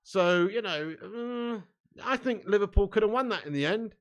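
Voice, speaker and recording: A man chats live to his viewers, reading their comments aloud as he goes. His voice sits a little high for a man, and he talks in excitable, laughing bursts, full of swearing and easy banter. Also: moderate pace, lo-fi sound. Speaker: live stream host.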